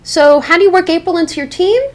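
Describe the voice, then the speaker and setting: A woman's voice: very high voice, quick pace. An actress playing a young catty woman who sabotages her former employee with gushing, backhanded praise over the phone. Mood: mock-sweet. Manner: sweetly sarcastic, gushing, backhanded. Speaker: former boss giving a job reference by phone. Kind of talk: scripted comedy monologue.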